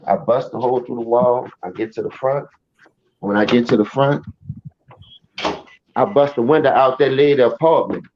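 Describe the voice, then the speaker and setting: A man telling a personal story in a blunt, profane, animated way. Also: medium pitch, no echo. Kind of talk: casual first-person storytelling. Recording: dry, slightly dull recording.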